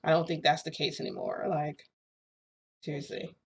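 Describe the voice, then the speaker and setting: A woman's voice: deep voice, flat delivery, normal speed, creaky, a little hiss or hum. A woman telling a rambling story to her viewers in a casual vlog, full of "like" and small laughs. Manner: rambling, filler-heavy, frequent "like"; laughs between phrases. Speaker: vlogger.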